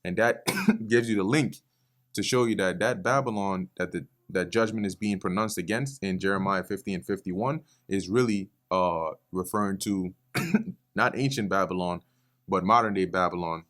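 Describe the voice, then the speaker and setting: A man's voice: deep voice, moderate pace, a bit bright. A man teaching the Bible verse by verse, reading passages aloud and explaining them in a casual, conversational way with frequent fillers. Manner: reads scripture then explains in casual asides, with fillers.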